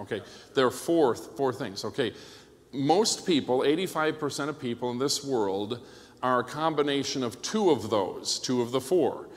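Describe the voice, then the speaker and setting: A man preaching a conference sermon as a pastor, animated and joking, often checking with the crowd by asking "okay?". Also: medium pitch. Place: church hall. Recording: long hall reverb.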